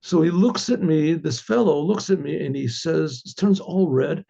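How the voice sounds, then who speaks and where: A rabbi telling a story, animated and full of quoted voices, who often clears his throat and restarts his words. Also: fairly high pitch, measured pace. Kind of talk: storytelling talk. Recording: dull lo-fi recording.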